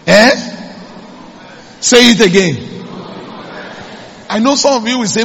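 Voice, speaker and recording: High-voiced pastor preaching. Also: male voice, lively intonation, takes it slowly, vocal fry, pauses often, a bit bright. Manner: preaching, mixing in Yoruba, calling out to the congregation. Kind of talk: sermon. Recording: echoey church hall.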